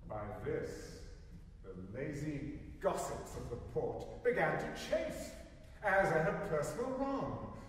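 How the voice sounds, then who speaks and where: A man in his sixties narrating a poem with an expressive, theatrical delivery, recorded live in a concert hall from afar. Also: fairly high pitch, slow, recorded from a distance, slight background noise. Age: 60s. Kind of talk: dramatic poetry recitation.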